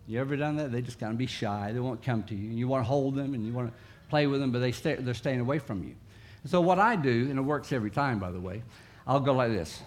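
A man's voice: mid-range voice, lively intonation, quick pace. A man preaching a sermon in a conversational way, sometimes acting out coaxing voices. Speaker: pastor.

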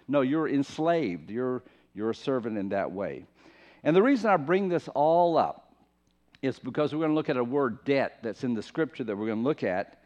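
A male pastor preaching a sermon, slowing down and leaning hard on the words he wants to stress. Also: mid-range voice, animated, darkish tone. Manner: emphatic, slows down to stress key words. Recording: dull lo-fi sound.

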